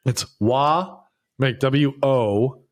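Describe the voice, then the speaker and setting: A middle-aged man with a Pacific Northwest accent, co-hosting a podcast in rambling, joking casual chat. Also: drawn-out words. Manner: rambling, joking, lively pitch. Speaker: podcast co-host.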